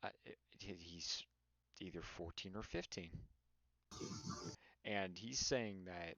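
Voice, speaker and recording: A man's voice: sits low, slow pace, pauses often, fairly bright tone, no room sound, muffled recording. A teenage boy hosting a casual podcast, rambling and stammering as he repeats words. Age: teens. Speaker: podcast host. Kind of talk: casual chat.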